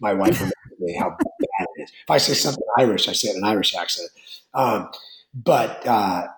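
A man in an interview, a winemaker who talks in a blunt, rambling, animated way and swears casually. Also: fairly low pitch, a little fast. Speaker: winemaker and wine business owner. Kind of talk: interview conversation. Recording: roomy echo.

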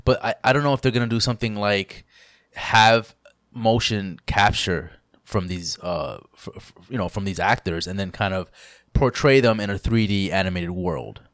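A man's voice: fairly low pitch, moderate pace, fairly bright tone, no echo, studio quality. A man co-hosting a casual gaming podcast, laid-back and curious. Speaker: podcast co-host. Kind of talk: casual gaming news chat.

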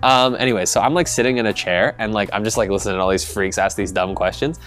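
A young man co-hosts a podcast, speaking fast in a lowish, slightly bright voice over soft background music. In casual storytelling chat, he rambles through an embarrassing story, mocking himself and laughing a lot.

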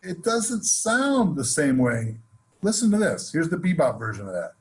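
A man teaching a jazz lesson, explaining scales in a relaxed way and counting off examples. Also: fairly high pitch, normal speed, husky. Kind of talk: instructional lesson with playing examples.

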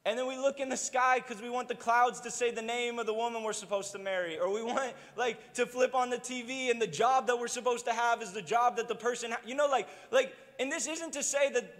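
A man's voice: very high-pitched, a bit bright. A young adult man preaching a sermon as pastor, casual and humorous, with joking asides to the congregation. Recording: long hall reverb.

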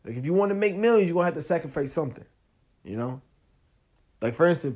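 Young guy w/ aave talking straight at you on his podcast, kinda high voice, gets loud n heated. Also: quick pace, long pauses. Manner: animated, talks straight to the listener, rising loud when worked up. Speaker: podcast host. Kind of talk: casual monologue.

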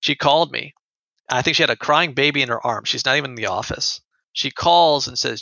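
A man's voice: mid-range voice, a little fast, gravelly, sharp tone, no echo. A young man earnestly telling a personal story in conversation, often repeating his words. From United States. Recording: dull lo-fi dry sound.

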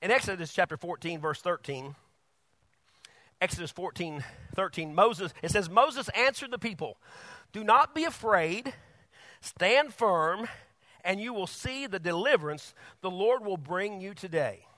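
A male pastor preaching a sermon, animated, laughing often and bursting loud on quoted lines. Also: high-pitched, normal speed, dry recording.

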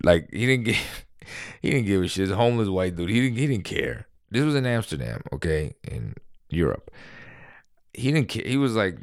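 New man, deep, dry close recording, rambling casual storyteller who swears. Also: normal speed, smooth, no echo. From New York. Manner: rambling, animated, swears freely.

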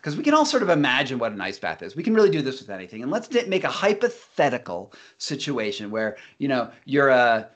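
A man explaining ideas in casual talk, animated and often repeating words as he restarts. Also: medium pitch.

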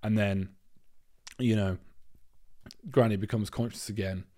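Animated young Englishman telling a story. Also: on the low side, a little slow. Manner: animated storyteller, swears freely, acts out voices. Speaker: podcast co-host. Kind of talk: casual chat.

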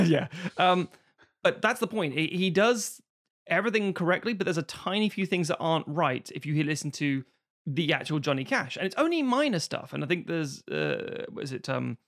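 Male co-host, a bit higher-pitched, relaxed, pauses with fillers. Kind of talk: casual chat.

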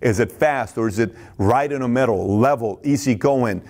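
A man giving an intense, high-energy business talk, who acts out little scenes of dialogue and sometimes stammers and repeats words. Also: normal speed, a little mellow. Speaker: business speaker.

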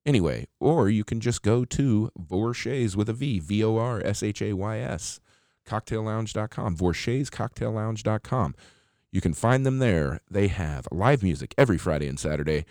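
Guy with a really low voice hosting his podcast, swoops up and down a lot, rambly and crude, dry close sound. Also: expressive, normal speed, a little mellow, dry recording. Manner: rambling, crude jokey asides, many fillers and restarts. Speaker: podcast host. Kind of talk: casual solo podcast with joking ad reads.

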